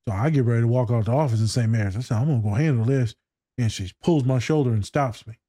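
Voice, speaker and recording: A therapist chats casually about a TV scene, reacting bluntly, telling stories, and swearing plenty. His medium-pitched voice is mellow and quick, captured in a dry, studio-quality recording.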